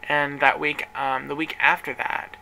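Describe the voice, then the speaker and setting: Young man, casual storytelling, emotional, rambling, bright tone. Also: on the high side, little pitch movement, unhurried, creaky, slight background noise, rough recording. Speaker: vlogger.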